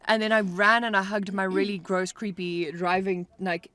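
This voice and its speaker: A woman's voice: medium pitch, normal speed. A young woman, telling a story in casual chat while riding in a car, peppering her talk with "like". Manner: animated storyteller, lots of "like". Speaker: podcast co-host.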